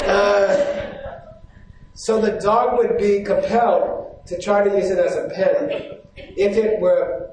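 Brief: male Buddhist teacher, higher-pitched voice, keeps quizzing the room, heavy hall echo. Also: mellow, far from the mic, slight background noise. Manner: keeps checking in with the audience, asking questions. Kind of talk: live teaching talk to an audience. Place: hall with a stage. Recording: very echoey hall.

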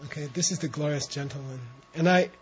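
A man leading a translation class, talking slowly and relaxed while he coaches pronunciation. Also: a little high, slightly rough. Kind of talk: informal class talk with chanted reading. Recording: dull lo-fi classroom recording.

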